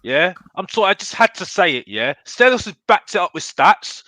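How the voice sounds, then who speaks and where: A man's voice: high-pitched, big pitch swings, normal speed, bright, forceful tone, no room sound. A man giving blunt football opinions in a casual debate, emphatic, forever tagging his points with "yeah?". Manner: emphatic, keeps asking "yeah?"; blunt and fired up. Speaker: football fan pundit guest.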